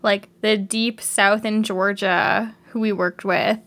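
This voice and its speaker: A woman's voice: mid-range voice, steady tone, slow pace, a bit bright. A Canadian woman co-hosting a podcast, chatting casually and laughing often. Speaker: podcast co-host. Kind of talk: casual chat.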